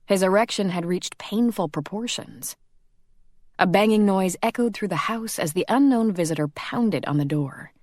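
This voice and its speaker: A woman narrating a romance audiobook in a slow, measured, intimate reading. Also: mid-range voice, a little mellow, no echo, studio quality.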